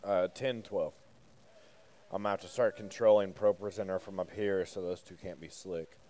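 A man's voice: low-pitched, fairly even intonation, moderate pace, dark tone. A man, a youth pastor, giving a casual sermon to a group, asking them questions and joking between points. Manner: conversational, asks the group questions, joking asides.

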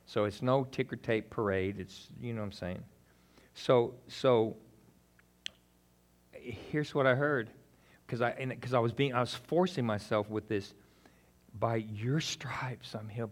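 A man preaching a sermon in a folksy, conversational way, talking straight to his congregation, now emphatic, now quiet and intimate. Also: mid-range voice, measured pace, pauses often. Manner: swings between emphatic and quiet, intimate delivery. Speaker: pastor.

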